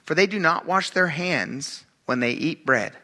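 A middle-aged male pastor preaching a casual, animated sermon, often asking his congregation "right?" and acting out quotes in a raised voice. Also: a little high, unhurried.

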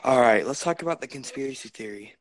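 A man's voice: mid-range voice, animated, quick pace, no room sound. A man hosting a podcast in casual, joking chat, swearing freely. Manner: crude, joking, swears a lot. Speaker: podcast host.

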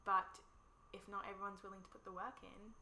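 A woman's voice: mid-range voice, little pitch movement, a little fast, noisy background. A woman guest on a podcast, talking in an upbeat, chatty way and laughing easily. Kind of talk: casual interview chat. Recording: echoey room with faint ambience.

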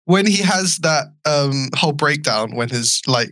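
A man in a casual podcast chat, pausing and hunting for his words as he makes his case. His voice is bright and swings widely in pitch, and the recording is dry and close. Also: animated, no room sound. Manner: hesitant, searching for words. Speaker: podcast co-host. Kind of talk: casual film chat with friends.

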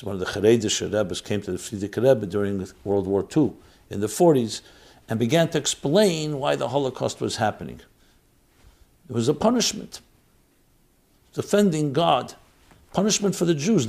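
A man's voice: mid-range voice, animated, normal speed, creaky, darkish tone. A man giving an earnest, emphatic Torah talk as a rabbi, full of rhetorical questions.

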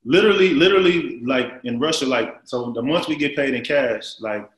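A man in his forties telling a long story as an interview guest, rambling and animated, with many fillers. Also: mid-range voice, moderate pace, roomy sound, poor audio. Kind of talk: casual storytelling.

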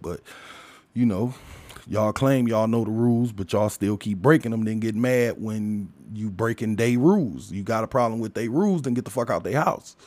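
A man's voice: on the low side, a little mellow, no room sound. A man ranting in a casual monologue, blunt and emphatic, swearing heavily and firing rhetorical questions at listeners. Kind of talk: casual profane rant.

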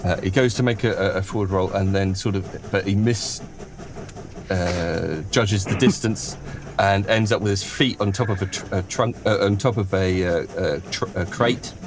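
A low-voiced man running a tabletop game as game master. He narrates in fits and starts, with lots of fillers and restarts as he works out what happens next. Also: normal speed.

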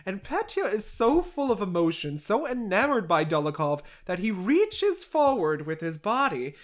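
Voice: medium pitch, sing-song, normal speed. Wry podcaster recapping a classic novel. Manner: wry, with sarcastic asides to the characters. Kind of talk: casual book recap.

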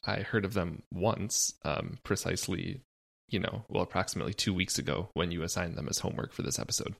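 A man's voice: sits low, fairly quick, creaky. A man co-hosting a casual music podcast, telling stories with dry sarcasm. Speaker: podcast co-host. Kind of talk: casual chat.

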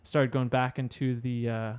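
A man's voice: medium pitch, little pitch movement, normal speed, clean tone. A man as a podcast guest, friendly and easygoing, with hesitant fillers. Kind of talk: casual chat.

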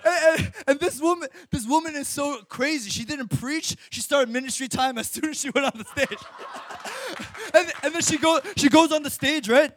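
A young man, a high school pastor, preaching and telling a personal story with lots of laughter and restarts. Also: normal speed, fairly bright tone. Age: young adult. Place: Chicago suburbs.

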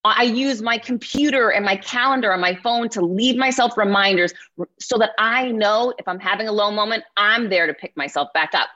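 A woman in her forties giving an energetic motivational keynote, often checking in with her listeners. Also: medium pitch, normal speed. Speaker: keynote speaker. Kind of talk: motivational speech. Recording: slightly muffled lo-fi sound.

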